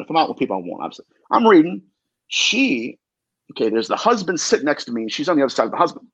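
Husky man telling an emphatic story. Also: medium pitch, dry recording, highs cut off. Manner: earnest, emphatic, repeats himself. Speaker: demonologist guest. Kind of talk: animated storytelling.

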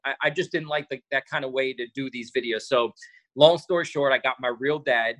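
This man's mid-range voice moves fairly quickly as he guests on a podcast. He tells animated stories in the relaxed interview, acting out quotes as they come up.

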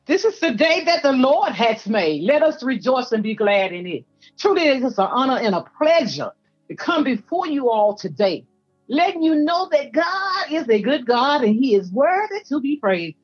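A woman preaching with fervent, rhythmic repetitions, her high voice husky and teary, breaking now and then. She is from Georgia and delivers her testimony with the cadence of a guest preacher. Soft music plays behind her. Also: sing-song, normal speed, muffled recording.

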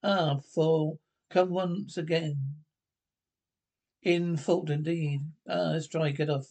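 A man with a gravelly voice speaking fussy, flustered dialogue in a 1970s period film comedy. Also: a little high, steady tone, slow, a little mellow.

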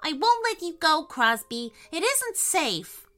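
A woman's voice: fairly high pitch, huge pitch swings, slow, fairly bright tone, faint music behind, full character voice. A woman voicing a timid, fearful younger boy in a children's storybook, speaking in anxious pleas. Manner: pleading, anxious.

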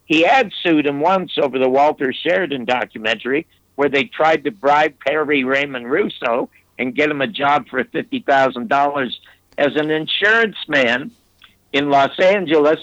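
A man's voice: a little high, normal speed, fairly bright tone, dry recording. Older man telling a story, dull dry sound. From United States. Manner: emphatic, digressive, with restarts. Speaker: interview guest, former TV producer. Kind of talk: anecdotal storytelling.

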